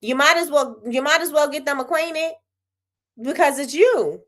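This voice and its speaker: Energetic woman hosting a motivational live stream. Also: high-pitched, normal speed. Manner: energetic, repetitive, preachy, laughs a lot. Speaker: live show host, soap business owner.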